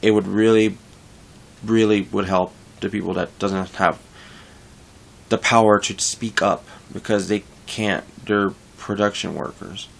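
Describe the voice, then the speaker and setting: A young man with a gravelly, low-pitched voice talks casually to his viewers. He rambles and corrects himself as he vents his frustration about work, in an unscripted vlog rant. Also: fairly even intonation, measured pace. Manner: frustrated, rambling, with frequent restarts. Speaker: vlogger.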